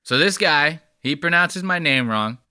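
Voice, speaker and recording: A man's voice: on the high side, lively intonation, a little slow, bright, forceful tone, slight background noise. A man hosting his own channel, reacting to clips in a heated, profane, sarcastic rant. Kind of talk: casual commentary rant.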